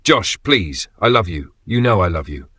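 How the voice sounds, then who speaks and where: A man reading the lines of a frightened young man begging for mercy in a dark narrated story. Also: low voice, sing-song, moderate pace, husky, no echo, full character voice. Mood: pleading. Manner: pleading. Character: terrified young man begging for his life.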